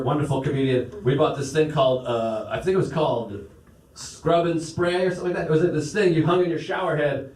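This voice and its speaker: A man doing a live stand-up set, telling a rambling, self-deprecating story. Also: fairly high pitch. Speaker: stand-up comedian. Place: comedy club stage. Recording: roomy club sound from a distance, loud crowd.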